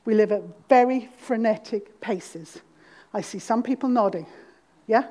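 A middle-aged Welsh woman with a Welsh accent, preaching a sermon to a congregation with humor and dramatic pauses. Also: on the high side, dark tone. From Wales.

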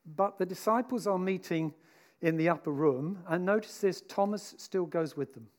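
A man giving a sermon in a relaxed, conversational way. His voice sits a little high for a man, and he often slips into the voices of the people in his story. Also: moderate pace. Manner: conversational and animated, voicing the disciples. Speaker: preacher.

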